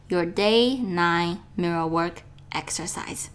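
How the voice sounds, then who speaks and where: A woman whose first language is Chinese, reading a guided self-help exercise aloud in a slow, gentle way that turns playful. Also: lowish voice, expressive. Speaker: self-help course host.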